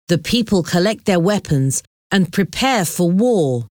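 A woman reading a children's chapter story aloud, clear and deliberate. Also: on the low side, lively intonation, darkish tone, dry recording, studio quality. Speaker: narrator.

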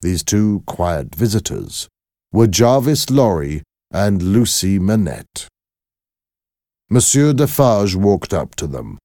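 Male narrator, deep and unhurried, measured storybook reading. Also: big pitch swings, mellow, dry recording, studio quality.

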